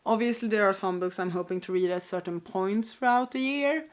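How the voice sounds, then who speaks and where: A woman's voice: mid-range voice, brisk. A woman vlogger chatting casually to camera about her reading plans, her voice stuffy and congested, rambling and second-guessing herself as she talks. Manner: chatty, self-doubting, rambling. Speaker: book vlogger.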